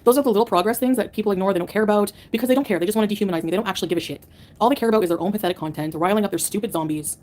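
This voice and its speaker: A woman's voice: mid-range voice, racing, darkish tone. A woman livestreamer answering her chat in a combative, sarcastic rant. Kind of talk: live-stream rant to chat.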